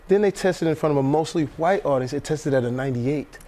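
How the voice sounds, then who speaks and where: A man from Texas, an actor guest on a morning TV show, telling animated stories with frequent laughs and restarts. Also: fairly high pitch, fast, crowd noise. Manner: animated storyteller, laughs often, many restarts. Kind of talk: casual chat on a morning TV show.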